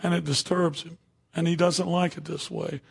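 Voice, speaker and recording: A man's voice: fairly high pitch, level tone, normal speed, creaky, husky. A man preaching a sermon to a room of people, talking conversationally and checking in with "okay?" and "you know" as he goes.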